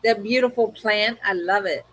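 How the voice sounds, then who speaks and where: A woman's voice: medium pitch, moderate pace, fairly bright tone, rough recording. A woman from Maryland co-hosting a livestream, telling stories in casual chat and laughing often. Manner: chatty storyteller, laughs often. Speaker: livestream co-host.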